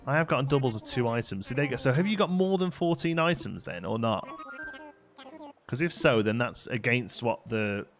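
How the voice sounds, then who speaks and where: A man's voice: mid-range voice, a little fast, faint music behind. A man casually commenting on his own gameplay during a live stream, chatting with viewers and answering their messages. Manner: relaxed, chatty, reads chat aloud and answers it.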